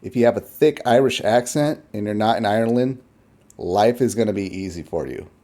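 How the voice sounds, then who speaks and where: A man's voice: on the low side, a little fast, warm tone. A man giving casual, rambling reaction commentary in a blunt, chuckling way.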